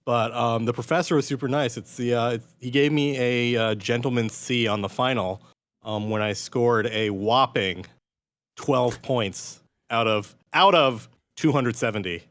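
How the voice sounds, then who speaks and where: A man's voice: medium pitch, measured pace, fairly bright tone. A young man on a podcast, telling a self-deprecating story with many fillers. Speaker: podcast co-host. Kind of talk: casual storytelling.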